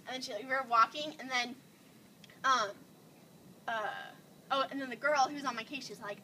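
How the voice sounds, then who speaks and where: A woman casually telling a story to family, chatty and filling every pause with "like", acting out what others said. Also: sits high, bright, forceful tone, distant mic, slight background noise. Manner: chatty, says "like" constantly, acts out quotes.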